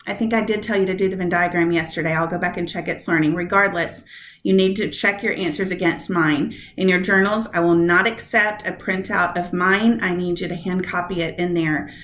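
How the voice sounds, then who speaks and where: A woman teacher giving a recorded lesson on poetry meter, walking through stress patterns slowly and step by step. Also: fairly low pitch, fairly even intonation, fairly bright tone, roomy sound.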